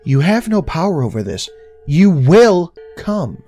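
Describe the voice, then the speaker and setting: A man's voice: a little high, sing-song, normal speed, a little mellow, soft background music, pitched above the performer's own voice. A man voicing an eerie woman who talks in a childlike voice, mocking and menacing.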